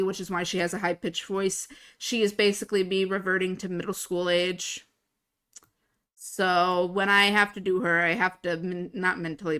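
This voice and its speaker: Into her desk mic, a young woman streamer chats casually on a live stream, rambling and cursing without restraint. Her voice sits at medium pitch and sounds a bit bright.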